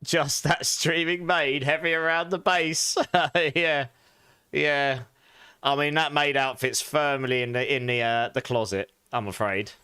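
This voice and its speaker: A man's voice: fairly high pitch, steady tone, unhurried, bright, forceful tone, smooth, no echo. Male game streamer, loose chat with frequent laughs, dry close-up sound. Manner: chatty, greets viewers, laughs often. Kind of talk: casual live stream chat while gaming.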